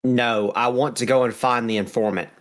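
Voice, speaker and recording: A man's voice: medium pitch, fairly even intonation, moderate pace, no room sound. A man playing a tabletop game who describes his character's actions plainly. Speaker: player.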